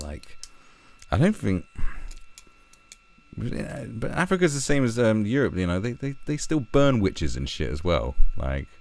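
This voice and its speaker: A man's voice: on the low side, darkish tone. A man vlogging his reactions to an article in a casual way, sarcastic, profane and prone to rambling.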